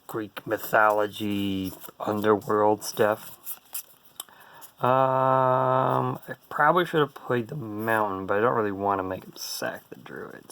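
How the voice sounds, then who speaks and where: Playful and full of silly asides, this man jokes his way through commentary on a card game playtest he's hosting. His mid-range voice has a creaky, fairly bright quality.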